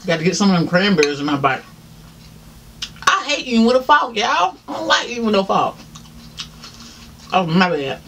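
Southern man vlogger, high voice, chatty eating-show talk, faint hiss behind. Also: very animated, normal speed, pauses often, bright, forceful tone. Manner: chatty, laughing, talks while chewing, addresses viewers as y'all. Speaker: mukbang vlogger. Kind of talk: casual eating-show chat.

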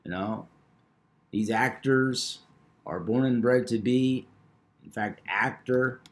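A man hosting a video, talking through number patterns in a measured, knowing way. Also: mid-range voice. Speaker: numerology video host. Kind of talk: casual monologue.

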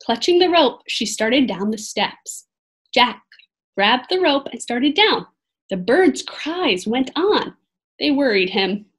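A woman reading a children's chapter book aloud, dramatic and lively, who stops for chatty asides about the story. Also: a little high. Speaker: reader.

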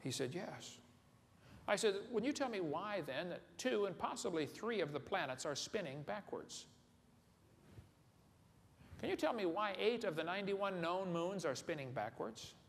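A man's voice: high voice, very animated, normal speed, gravelly. A man giving a humorous lecture to a live audience in a large hall, folksy and joking, often putting questions to the crowd. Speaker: seminar speaker. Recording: echoey hall, faint room noise.

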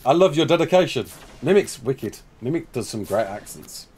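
A man's voice: mid-range voice, very animated, moderate pace, darkish tone, slightly rough. Chatty male gameplay streamer. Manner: chatty, reads chat aloud, talks himself through building. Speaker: live streamer. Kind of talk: casual gameplay live-stream chat.

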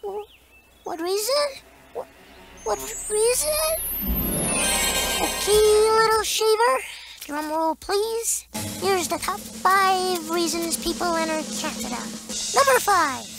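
A man's voice: very high voice, expressive, slow pace, gravelly, long pauses, music in the background, exaggerated voice. An actor playing a silly young cartoon boy who puts on a game-show voice. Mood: goofy. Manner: goofy, game-show announcer bits. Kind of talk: cartoon voice acting.

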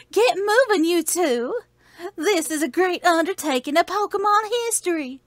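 A woman's voice: extremely high pitch, lively intonation, measured pace, no echo, pitched above the performer's own voice. A woman voicing a theatrical old male professor in a game playthrough, in a grandiose, hammy manner. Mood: dramatic.

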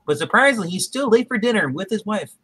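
A co-host cracks playful jokes while a comic is read aloud. The voice is husky and lively, and the sound is dry. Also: mid-range voice, fast, no room sound. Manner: joking, playful. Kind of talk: banter while reading a comic.

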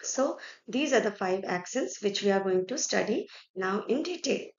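A woman's voice: medium pitch, expressive, normal speed. Woman, Indian accent, teacher, explanatory, checks in often, echoey room, slightly muffled audio. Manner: explanatory, checks in with "right?" and "okay". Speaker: French teacher. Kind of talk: explaining a French lesson in mixed Hindi and English. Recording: echoey room, dull lo-fi sound.

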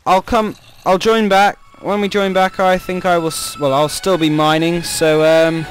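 A man's voice: high voice, level tone, a little slow, hardly any pauses, faint music behind. A man with a chatty, jokey manner, commenting casually on his own gameplay as a let's-play host and reacting with startled exclamations.

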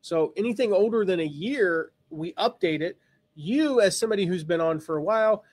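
A man's voice: sits high, expressive, brisk, a little mellow, no echo. A man hosting a live online lesson, talking through ideas with many restarts. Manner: rambling, thinks aloud with many restarts. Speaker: host.

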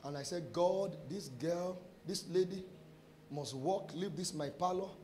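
A man's voice: high-pitched, unhurried, a little hiss or hum. A Nigerian man, a pastor, preaching a sermon and telling testimony stories, acting out the dialogue and mixing in pidgin phrases. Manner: animated storyteller acting out dialogue.

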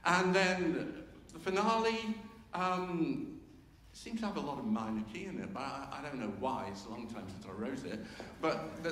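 A man's voice: on the high side, expressive, normal speed, background noise. Older man, composer talk to a concert crowd, hums themes, dry self-mocking humour, long hall reverb. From England. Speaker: composer introducing his symphony. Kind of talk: informal talk to a concert audience. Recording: roomy hall reverb, faint ambience.

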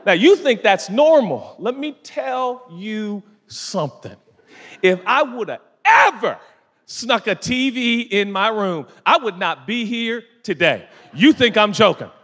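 A middle-aged man preaching a sermon, telling a story with lively acted-out voices. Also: high voice, unhurried, hardly any pauses. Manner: animated storytelling, acting out quoted voices. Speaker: pastor. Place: large church hall. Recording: long reverb of a large hall.

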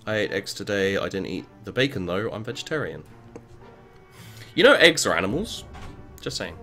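A man narrates his own game play with a bright, edgy tone and a voice that leaps all over the place. He swears constantly and breaks into chanted, shouted words. Faint game music plays behind him. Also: fairly low pitch, normal speed. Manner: swears a lot, yells and chants in excitement. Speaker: gaming video creator. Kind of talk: let's play commentary.

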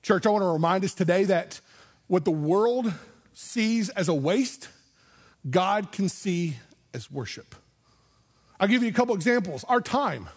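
A man's voice: sits high, animated, a little slow, long pauses, husky. A man preaching a sermon in church as pastor, telling the story with animation and acting out imagined voices. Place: church sanctuary.

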